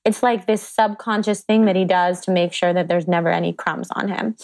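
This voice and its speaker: A woman hosting a podcast in casual chat, telling stories with lively voiced reactions. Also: lowish voice, brisk, vocal fry. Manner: animated, storytelling with voiced reactions. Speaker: podcast host.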